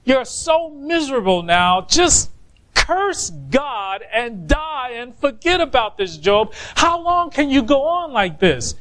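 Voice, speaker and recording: A man putting on a scornful, pleading wife who keeps hammering her suffering husband with questions. Her voice sits up high. She talks slowly and pointedly, in the middle of a sermon. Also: very animated, fairly bright tone, heavily acted, rough recording.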